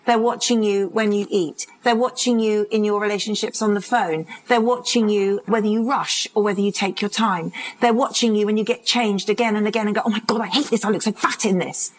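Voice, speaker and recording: A woman's voice: medium pitch, poor audio. A woman in her fifties, a parenting and addiction expert, talking in a live interview and acting out little quotes as she goes. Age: 50s. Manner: animated storytelling with acted-out quotes and laughs. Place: conference stage.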